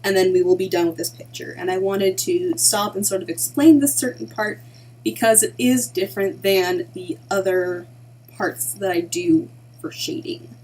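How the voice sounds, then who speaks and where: A woman narrating a casual digital art tutorial in a chatty way, often dropping into soft half-whispered asides to herself as she works. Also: medium pitch, normal speed, husky, rough recording. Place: at home at her computer.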